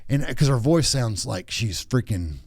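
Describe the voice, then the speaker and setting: A man from Texas, aged thirties or forties, hosts a podcast of casual chat, spinning crude, joking, rambling stories. His mid-range voice is expressive and measured in pace, captured in clean studio sound without echo.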